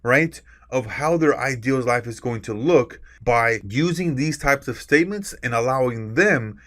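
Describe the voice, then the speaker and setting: A course instructor delivers a recorded lecture in a medium-pitched, slightly bright voice with lively intonation and an unhurried pace. He explains through examples, deliberately stresses key words and keeps tagging sentences with "right?".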